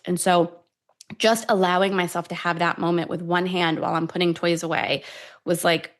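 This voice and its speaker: Woman, 30s, slightly low pitch, tapping expert; gentle guided cues and animated chat. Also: normal speed. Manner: calm, soothing guidance shifting to animated storytelling.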